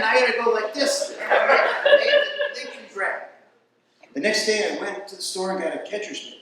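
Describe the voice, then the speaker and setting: High-voiced man telling stand-up stories. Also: normal speed, very noisy. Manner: storytelling, animated voices for quoted people. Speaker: stand-up comedian. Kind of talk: stand-up comedy routine. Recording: echoey room, mic far off.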